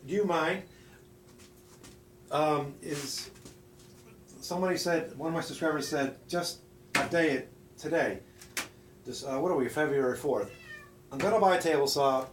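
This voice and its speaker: A middle-aged man hosting a woodworking channel, chatting casually and folksily to his viewers as he demonstrates in his home workshop, recorded on a phone. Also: a little high. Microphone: phone camera. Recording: roomy workshop echo, faint noise.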